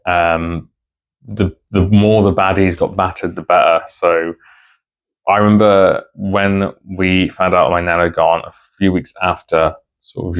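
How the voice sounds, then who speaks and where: Low, flat-voiced man chatting. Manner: rambling, heartfelt. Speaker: book vlogger. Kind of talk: casual chat to camera.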